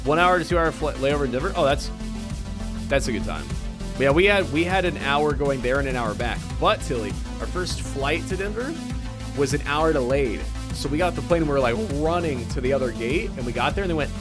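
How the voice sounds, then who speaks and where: A young man streaming, chatting casually with his viewers and telling animated stories from a trip. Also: mid-range voice, fast talker, over music. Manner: animated storytelling, talks to chat.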